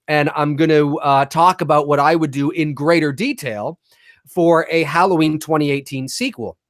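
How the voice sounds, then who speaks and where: Man, podcast co-host, casual rambling chat, slightly high voice, dry close sound. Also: no echo. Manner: rambling, animated, restarts, swears casually. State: talking with a lozenge in his mouth. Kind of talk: casual live-stream chat.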